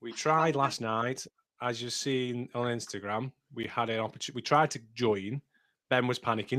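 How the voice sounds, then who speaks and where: A man's voice: mid-range voice, normal speed, a bit bright. A man hosting a running podcast from his home office, chatting casually and laughing at himself. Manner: chatty, laughing, self-mocking. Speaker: podcast host. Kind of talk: casual chat.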